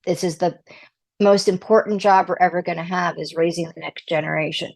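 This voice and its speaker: A middle-aged woman, a podcast guest, giving parenting advice in an emphatic, animated way and acting out the lines she quotes. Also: on the low side, brisk, gravelly. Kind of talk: casual advice interview.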